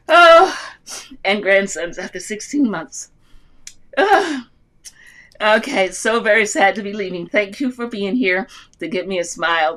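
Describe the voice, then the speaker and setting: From an airport, an older woman hosts a casual livestream answering loom knitting questions, reading viewer comments aloud. Her medium-pitched, fairly bright voice carries a heartfelt, rambling, inspirational tone.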